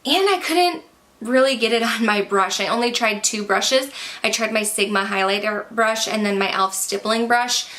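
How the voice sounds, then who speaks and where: A woman's voice: fairly high pitch, sharp tone. A young woman vlogging a casual makeup product review, chatty and candid, sounding slightly out of breath. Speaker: beauty vlogger.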